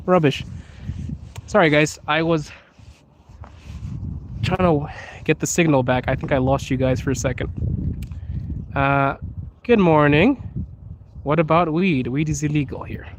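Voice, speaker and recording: A man's voice: a little high, slight background noise, poor audio. Chatty man streaming from his phone. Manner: chatty, laughs often, says "dude" and "bro". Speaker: livestream host. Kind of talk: casual live-stream chat. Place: outdoors on a snowy street.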